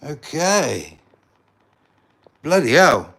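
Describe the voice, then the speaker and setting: A man's voice: fairly high pitch, big pitch swings, extremely slow, a bit bright. An English man on a casual livestream, rambling and talking straight to his chat viewers, now and then flaring up in indignant bursts.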